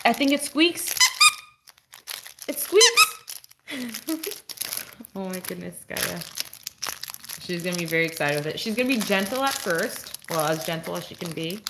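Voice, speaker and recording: A woman hosts a relaxed live stream with her dog, and she speaks slowly and playfully, slipping into baby-talk. A steady layer of noise sits behind her voice, with crinkling and rustling in the background. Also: on the low side. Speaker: dog channel host.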